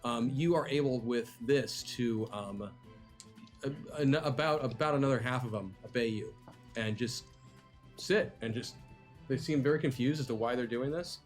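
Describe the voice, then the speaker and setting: A man's voice: medium pitch, normal speed, faint music behind. A man narrating as game master in an upbeat, rambling way.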